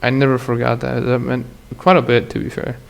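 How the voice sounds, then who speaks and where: A man's voice: mid-range voice, completely flat delivery, a little fast, creaky. A man hosting his own podcast, talking alone in a rambling, crude, slangy way with frequent laughs. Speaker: podcast host. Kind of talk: casual solo podcast monologue.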